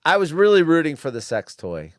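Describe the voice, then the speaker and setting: A man's voice: on the high side, sing-song, brisk, dry recording, clean studio sound. A man hosting a live-stream show alone, reacting with sarcastic, rambling commentary and muttered asides. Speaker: show host.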